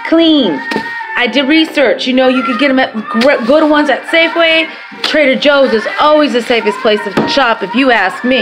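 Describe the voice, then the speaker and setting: A woman's voice: high-pitched, rough recording. A woman talking to her camera in a rambling, chatty way, swearing freely. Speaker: vlogger. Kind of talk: casual talk to camera. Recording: music playing behind voice.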